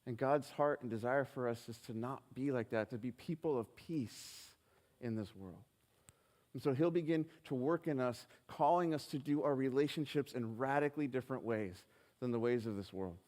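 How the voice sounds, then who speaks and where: A man's voice: mid-range voice, moderate pace, a little mellow. A man preaching a sermon, telling a personal story earnestly and acting out the dialogue with hesitant restarts. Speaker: pastor. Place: church hall. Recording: live stream in reverberant hall.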